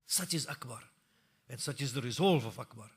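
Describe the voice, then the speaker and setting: A man preaching a mournful sermon, telling a tragic story in a grieving recital that sinks to hushed tones and swells into impassioned cries. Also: medium pitch, animated, fairly quick, breathy edge.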